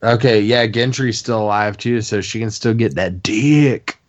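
A man's voice: on the low side, a little slow. A man co-hosting a casual chat, laid-back and profane, calling others dude and man. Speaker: podcast co-host.

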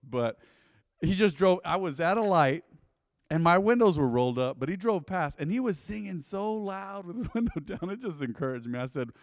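A pastor talks to his congregation in a loose, conversational sermon. His voice sits a little high for a man and jumps into loud, bright emphasis. The sound is dry and close. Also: dry recording. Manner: animated, conversational preaching with sudden loud emphasis. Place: church sanctuary.

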